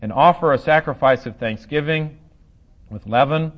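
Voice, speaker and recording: A man's voice: fairly high pitch, normal speed. Man teaching a Bible study, lo-fi. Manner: conversational, thinking aloud with frequent fillers and restarts.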